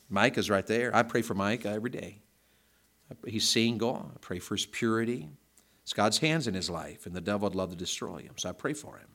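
A middle-aged preacher delivers a homespun sermon. His voice sits a little low, and he talks plainly and conversationally, then punches certain lines with loud emphasis.

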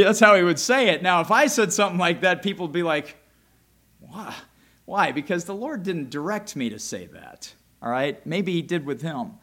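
A male pastor preaching a sermon emphatically, asking his congregation questions and swinging between loud and soft delivery. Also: fairly high pitch, heavy reverb, low-quality recording.

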